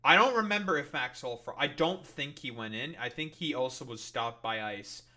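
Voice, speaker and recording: A man's voice: mid-range voice, lively intonation, moderate pace, bright, forceful tone. A man streaming reaction commentary, ranting with heavy swearing and exasperation.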